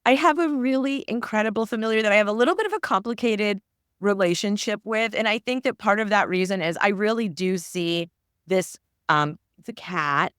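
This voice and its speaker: A woman's voice: mid-range voice, a little fast, a bit bright, smooth, dry recording, studio quality. A woman guest, an author and tarot reader, talking earnestly and reflectively in a casual interview, with frequent fillers.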